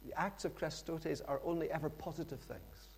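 A middle-aged man delivers a sermon as a lively, conversational story. His voice sits somewhat high for a man, and he drops in friendly asides to the listeners as he goes. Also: moderate pace, slightly rough. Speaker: preacher.

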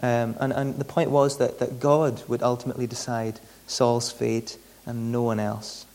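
A man's voice: medium pitch, little pitch movement, moderate pace, darkish tone. A man preaching a sermon in a conversational way, often repeating words as he searches for the next phrase.

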